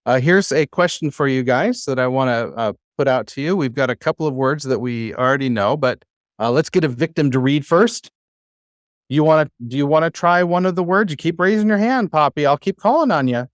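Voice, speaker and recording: A man's voice: on the high side, a little fast, no room sound, studio quality. A man teaching a class, who explains patiently and coaxes his students to try reading aloud. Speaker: Hebrew teacher.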